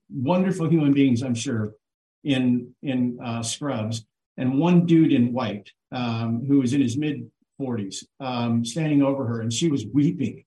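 A man's voice: mid-range voice, mellow. Earnest man in an echoey room. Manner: earnest, halting, many fillers and restarts. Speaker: guest on a livestream. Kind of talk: emotional personal account.

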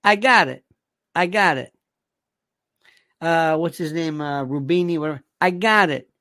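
A man's voice: fairly high pitch, unhurried, sharp tone. A man hosting an opinionated commentary monologue, firing off incredulous rhetorical questions.

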